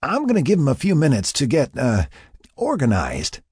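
A playful young man teases his friends with a lifted, amused voice, which a man puts on while reading. The voice is husky and breathy, recorded dry. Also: mid-range voice, huge pitch swings, normal speed, a little mellow, no room sound, voice pushed up, exaggerated voice. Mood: teasing. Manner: teasing, playful.

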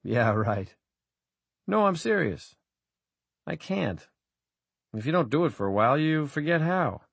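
A man's voice: on the high side, big pitch swings, measured pace, gravelly, slightly rough, no room sound, voice pushed up, full character voice. A male narrator voicing a casual, self-deprecating young man who talks offhandedly and swears mildly. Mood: reluctant.

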